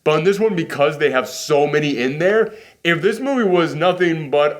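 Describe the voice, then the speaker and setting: A man's voice: on the high side, animated, fairly quick. A man hosting a casual movie reaction chat, rambling and self-deprecating, with a runny nose. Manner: rambling, self-deprecating, acts out quotes in silly voices.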